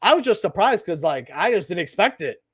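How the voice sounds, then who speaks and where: Animated young man telling rambling stories. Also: high voice, a little fast, slightly rough, no room sound, studio quality. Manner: rambling, animated, lots of "right?" and asides. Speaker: channel host opening trading cards. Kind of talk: casual storytelling while opening packs.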